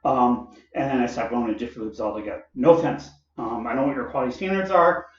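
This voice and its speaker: A man's voice: medium pitch, fast talker. A man casually telling a personal story in a rambling way, full of fillers and asides. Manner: rambling and digressive, with many fillers and laughs. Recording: roomy, distant and dull.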